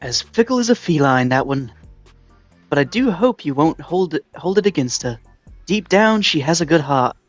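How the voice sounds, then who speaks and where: A man plays a courtly male tournament announcer, gracious and formal, who speaks in stately, ceremonious phrases. His voice sits a touch high for a man and sounds close and dry. It comes through a dull, lo-fi mic with faint game music underneath. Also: animated, normal speed, no room sound, natural voice. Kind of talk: voicing game dialogue on a live stream.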